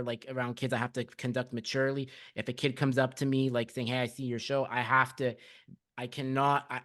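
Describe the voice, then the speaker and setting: A man hosting a podcast interview, telling stories in an excited, rambling way full of restarts and fillers. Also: mid-range voice. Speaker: podcast host. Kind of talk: casual conversational interview.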